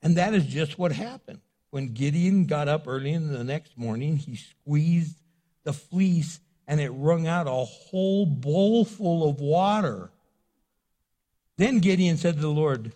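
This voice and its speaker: A man preaching a sermon as pastor, animated and acting out the people he quotes. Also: on the high side, measured pace.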